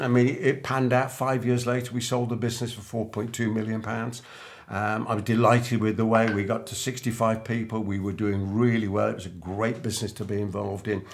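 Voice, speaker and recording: An older man, a business coach, telling an anecdote to camera and acting out remembered dialogue. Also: on the low side. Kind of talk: storytelling monologue to camera.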